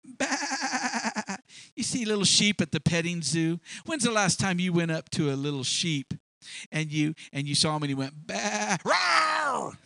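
A man preaching a sermon as pastor, animated and folksy, acting out animals as he makes his points. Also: on the high side, fairly quick, no echo. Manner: animated preaching with sound effects.

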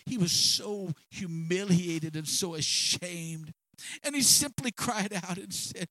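High-voiced preacher man, impassioned sermon. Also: takes it slowly, dry recording, rough recording. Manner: impassioned, rising to shouts, repetitive emphasis.

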